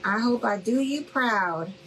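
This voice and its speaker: A woman's voice: a little high, lively intonation, measured pace, a bit bright, slight background noise, poor audio. Chatty New woman crafting. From New Orleans, Louisiana. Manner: chatty, affectionate, calls viewers y'all and honey. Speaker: craft livestream host. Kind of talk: casual livestream chat while crafting.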